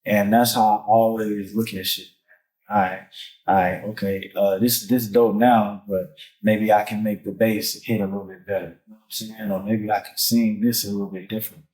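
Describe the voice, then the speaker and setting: Animated man with street slang. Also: lowish voice, normal speed, low-quality recording. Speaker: musician guest. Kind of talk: casual conversation.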